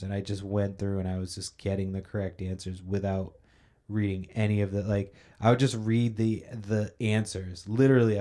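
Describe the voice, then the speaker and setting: Man, young adult, podcast host, casual rambling rant, profane, a bit sleepy, lowish voice. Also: dark tone. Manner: profane, ranting, loose storytelling.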